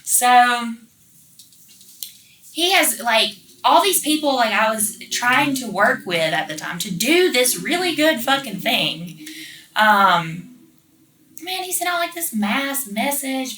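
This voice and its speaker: A woman's voice: a little high, animated, unhurried, sharp tone, a little hiss or hum. A woman being interviewed, telling a rambling story in casual chat, full of swearing and fillers like "like" and "you know". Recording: roomy echo, mic at a distance.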